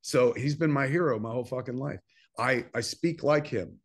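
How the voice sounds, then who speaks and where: A man in his fifties from New Jersey, a filmmaker telling a long personal story in a casual interview. He swears freely and acts out quoted dialogue in animated bursts. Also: medium pitch, normal speed. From New Jersey, USA. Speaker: filmmaker guest.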